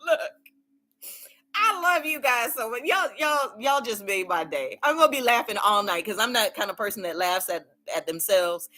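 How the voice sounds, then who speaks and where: A woman hosts a casual livestream, chatting with her viewers and reading their comments aloud. Her voice sits a little high and has a bright, sharp edge. She laughs often and repeats her words of encouragement. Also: lively intonation, normal speed. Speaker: livestream host.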